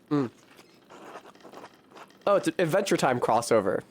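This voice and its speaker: A man's voice: mid-range voice, lively intonation, a little hiss or hum. A man streaming a narrative game, reading character lines aloud and joking about them. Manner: jokey, reads dialogue in a slow deliberate way.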